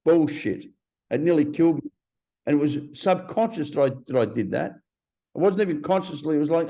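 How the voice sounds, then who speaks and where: A man in his fifties, a podcast guest telling stories in a blunt, profane, animated way. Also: a little high, a little fast, creaky, muffled recording. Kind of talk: casual interview storytelling.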